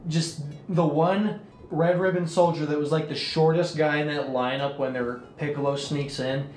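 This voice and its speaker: A man's voice: a little high, flat delivery, normal speed, a little mellow, soft background music. A man co-reviewing a movie in casual chat, rambling through scenes and swearing casually. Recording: roomy with faint noise.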